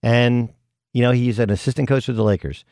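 A man's voice: mid-range voice, fairly even intonation, a little fast, warm tone, no room sound, clean studio sound. A middle-aged man co-hosting a sports radio show, chatting casually and rambling with many restarts. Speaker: guest co-host, college basketball analyst.

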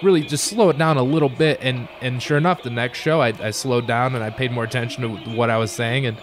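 A man's voice: mid-range voice, steady tone, a little fast, a little hiss or hum. A man who is a comedian, chatting as a podcast guest in an easygoing, reflective way and laughing often. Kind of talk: casual interview chat.

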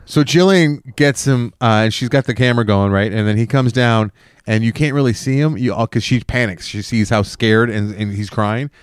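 A man in casual podcast chat, telling a story in lively fashion, acting out the people he quotes and swearing freely. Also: mid-range voice, normal speed, clean tone, no echo, studio quality. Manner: animated storyteller who acts out the people he quotes.

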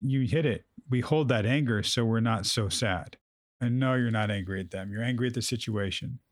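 A man's voice: medium pitch, moderate pace, dry recording. Man, counselor, direct, probing, emphatic, dry close sound. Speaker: host, counselor. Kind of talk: therapeutic conversation.

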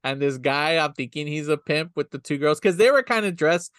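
A man's voice: a little high, animated, a little fast, fairly bright tone, clean tone, no echo, clean studio sound. A man co-hosting a podcast, chatting casually and profanely about an old movie, laughing and acting out the lines. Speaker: podcast co-host.

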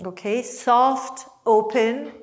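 Calm woman teaching a group. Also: a little high, drawn-out words. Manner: calm, asks the listeners questions. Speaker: workshop teacher and podcast host. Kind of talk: reflective teaching talk to a group.

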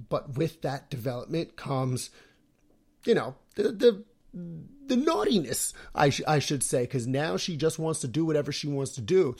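A man's voice: medium pitch, darkish tone. Rambling man hosting a chatty podcast. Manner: rambling, with many restarts and fillers. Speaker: podcast host. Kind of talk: casual chat.

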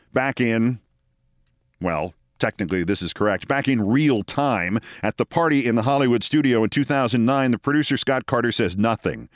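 A man in his sixties, a podcast host, telling a story in an emphatic, theatrical way with loud bursts. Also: medium pitch, dry recording, studio quality. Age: 60s. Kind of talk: storytelling monologue.

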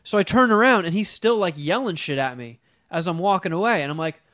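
A man co-hosting a talk show, telling a profane story in a casual, animated way and mimicking the people in it. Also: high voice, fast, no echo, clean studio sound.

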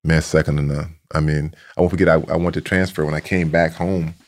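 A man, a guest telling stories in a relaxed way and repeating words as he goes. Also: very deep voice, brisk. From Texas. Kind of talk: casual storytelling.

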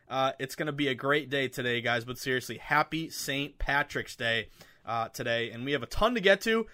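A man hosting a sports betting podcast, chatting casually from home with lots of fillers and excitement. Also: mid-range voice, moderate pace. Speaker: podcast host. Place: home room with window open.

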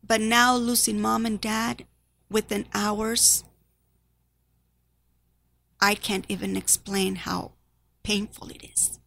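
A woman's voice: mid-range voice, little pitch movement, takes it slowly, creaky, long pauses, pushed and bright. A middle-aged woman giving an earnest, grieving personal testimony about her family.

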